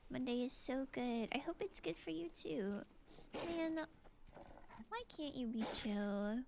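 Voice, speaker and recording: A woman's voice: sits high, takes it slowly, creaky, noisy background. A woman streamer chatting casually while playing a game, musing aloud and answering her chat.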